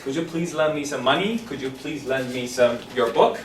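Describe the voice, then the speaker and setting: A man teaching an English class, animated, repeating phrases slowly and clearly for his students. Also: medium pitch, a little hiss or hum. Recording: roomy classroom from a distance.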